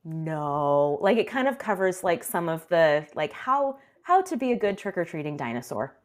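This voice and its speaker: A woman's voice: fairly low pitch, sing-song, moderate pace. Chatty 30s woman co-host, easygoing book talk full of ums. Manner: chatty, many ums and likes, laughs often. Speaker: podcast co-host. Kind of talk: casual book chat.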